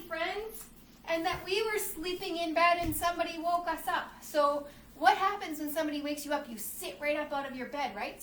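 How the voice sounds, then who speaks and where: Woman children's yoga teacher, high voice, storybook reading, encouraging, echoey room from a distance. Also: slight background noise. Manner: encouraging, addresses kids as friends, acts out the story's shouts. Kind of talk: reading a storybook aloud while leading kids' yoga.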